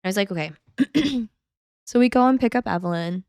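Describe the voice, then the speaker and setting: Gravelly-voiced woman telling her story. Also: medium pitch, brisk, no room sound, clean studio sound. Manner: animated, acts out others' lines, laughs often. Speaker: guest. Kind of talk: casual personal storytelling.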